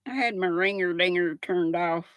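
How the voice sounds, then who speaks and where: A woman's voice: on the low side, moderate pace, no room sound. Older woman, casual livestream host with a folksy manner and a dry, close sound. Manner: chatty, giggly, folksy, talks to viewers as "y'all". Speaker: livestream host reading chat. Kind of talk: casual chat. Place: at home.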